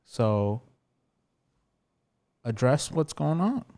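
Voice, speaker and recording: A man's voice: mid-range voice, very animated, drawn-out words, mellow. A young man hosting a comedy podcast with a theatrical, mock-dramatic delivery. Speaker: podcast host.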